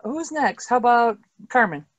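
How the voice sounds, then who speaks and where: A woman moderating a staff video meeting, relaxed and laughing easily as she calls on colleagues. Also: a little high, moderate pace. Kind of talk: casual chat.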